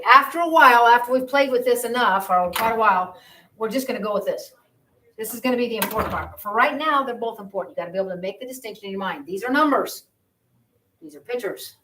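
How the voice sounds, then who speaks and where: Recorded from a distance in a roomy classroom, with a bit of hiss or hum, a woman teaches geometry in her medium-pitched, fairly bright voice. This math teacher's lecture is conversational, and she repeats herself as she explains.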